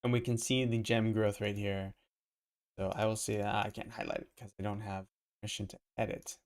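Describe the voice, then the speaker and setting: A man's voice: lowish voice, level tone, a little fast. Rambling man chatting on a live stream. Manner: rambling, self-interrupting, thinking aloud. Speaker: crypto collectibles streamer. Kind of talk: casual live-stream commentary. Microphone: desk mic.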